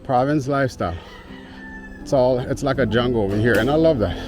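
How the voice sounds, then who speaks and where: A man's voice: medium pitch, a little fast, over music. A man vlogging casually on a rural trail, out of breath from the climb, easygoing and chuckling, recorded on a handheld camera. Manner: easygoing, chuckles often, greets locals. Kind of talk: casual travel vlog.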